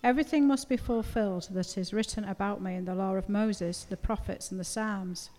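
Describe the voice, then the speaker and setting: A woman reading a Bible passage aloud to a congregation in a steady, measured way. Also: medium pitch. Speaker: scripture reader. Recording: reverberant hall recording.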